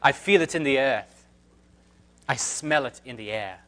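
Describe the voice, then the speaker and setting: A man putting on a British accent to voice an ancient elf queen, speaking slowly and portentously. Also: medium pitch, lively intonation, a bit bright. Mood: solemn. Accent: put-on British.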